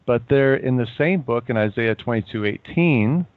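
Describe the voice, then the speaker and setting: A man in his fifties, a guest in a casual chat, relaxed, at times reading passages aloud. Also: mid-range voice, normal speed, no echo. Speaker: guest, former Navy sailor. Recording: tinny phone line.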